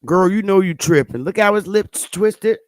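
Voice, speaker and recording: A woman's voice: medium pitch, normal speed, no room sound, studio quality, lightly acted. A woman voicing a weary gossiping monkey mom. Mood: sassy. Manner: sassy, exasperated.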